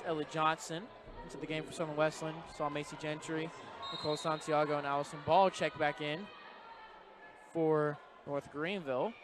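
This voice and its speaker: A young man giving brisk, conversational play-by-play commentary of a live volleyball match from inside a college gym. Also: fairly high pitch, level tone. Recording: noisy gym broadcast audio. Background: gym noise with bouncing balls.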